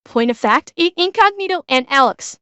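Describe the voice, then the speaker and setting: A woman's voice: high voice, lively intonation, normal speed, fairly bright tone, no room sound. Profane, blunt woman streamer. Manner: blunt, profane, talks over the video. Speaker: streamer reacting to a video. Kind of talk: casual commentary over a video.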